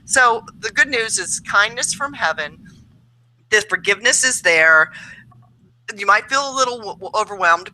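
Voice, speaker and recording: Bright, chatty woman reading tarot. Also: mid-range voice, lively intonation, normal speed, a little hiss or hum, poor audio. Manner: chatty and upbeat, with many fillers. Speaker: tarot reader co-host. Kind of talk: casual chat about astrology and tarot.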